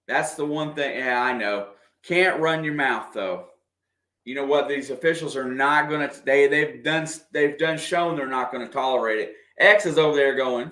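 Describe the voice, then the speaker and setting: A man doing casual, partisan play-by-play of a basketball game for a livestream, excitable and quick to react to the officials. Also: medium pitch. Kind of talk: fan play-by-play commentary. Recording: echoey room.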